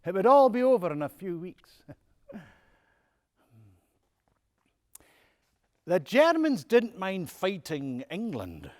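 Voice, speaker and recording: An actor playing an older Scottish music-hall star in a stage monologue, telling stories with a chuckling, self-mocking manner. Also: male voice, high-pitched, very animated, measured pace. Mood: wistful reminiscing. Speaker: music-hall performer in a one-man stage show. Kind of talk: theatrical monologue.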